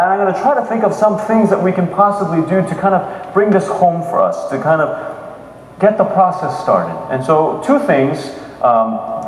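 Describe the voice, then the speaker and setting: Male pastor, animated sermon delivery, voice on the higher side, recorded far off in a reverberant hall. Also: slight background noise. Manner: animated retelling of scripture with many restarts. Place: church sanctuary. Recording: echoey hall with faint ambience.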